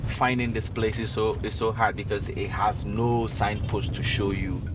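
A man, presenting a radio documentary in an earnest, measured storytelling voice. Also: on the low side, little pitch movement, background noise. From Ghana. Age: 30s.

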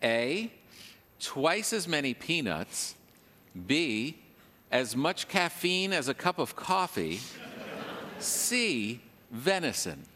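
A man's voice: on the high side, very animated, slow, sharp tone, long reverb tail, slight background noise. A man hosting a comedy quiz show, joking and laughing often as he asks questions. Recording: live theater with audience. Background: audience laughter.

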